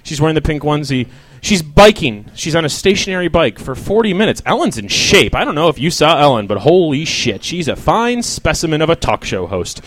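A man's voice: on the high side, sing-song, fairly quick, fairly bright tone. A young man doing a rambling, self-deprecating stand-up set, swearing and riffing with the crowd while feeling sick. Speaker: stand-up comedian.

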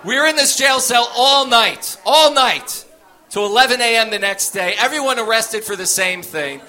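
A man's voice: extremely high pitch, normal speed, some chatter behind. A man telling a stand-up story on stage, acting out the voices of the people in it. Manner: animated, acts out voices in his story. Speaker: stand-up comedian.

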